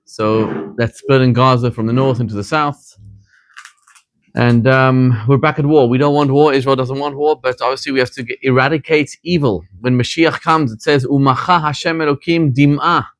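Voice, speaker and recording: A man's voice: medium pitch, dry recording. A man, a rabbi, giving an informal class to a small group, telling stories conversationally with frequent restarts. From Zimbabwe. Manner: conversational storytelling with frequent restarts and "you know".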